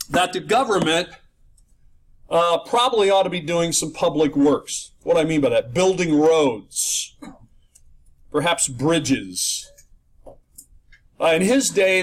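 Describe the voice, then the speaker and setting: A middle-aged man teaching a class, his voice sitting high and leaping up and down with animated swings. He teases the room with mock-serious jokes and keeps firing rhetorical questions. It is a relaxed classroom lecture with comic asides. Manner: jokey, teasing, rhetorical questions. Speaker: economics lecturer. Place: classroom in Florida.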